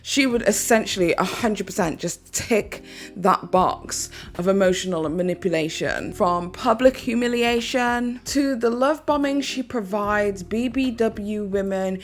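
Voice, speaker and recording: A woman delivers scripted commentary at a measured, explanatory pace. Her voice sits at an ordinary pitch. A faint music bed runs underneath. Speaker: commentary YouTuber.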